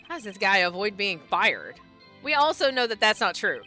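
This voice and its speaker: Bright-voiced Southern woman streamer. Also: medium pitch, sing-song, normal speed, soft background music. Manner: chatty, laughing asides. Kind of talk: casual game commentary.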